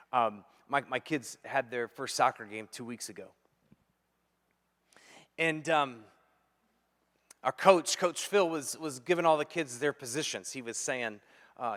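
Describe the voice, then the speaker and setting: A man in his thirties, a pastor preaching a sermon, telling a funny story in an animated, jokey way. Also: medium pitch. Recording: long hall reverb.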